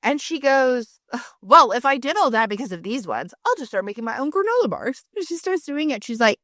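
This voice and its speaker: A woman co-hosting a podcast in casual chat, telling stories lively and acting out the people she quotes. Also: sits high, fairly quick, dry recording, studio quality. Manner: animated storyteller, acts out quoted people. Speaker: podcast co-host.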